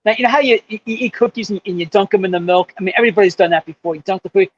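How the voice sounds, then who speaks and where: A man's voice: sits high, racing. Stumbling man on a muffled line. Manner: storytelling, stumbling restarts. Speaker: guest. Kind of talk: casual chat. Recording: muffled lo-fi audio.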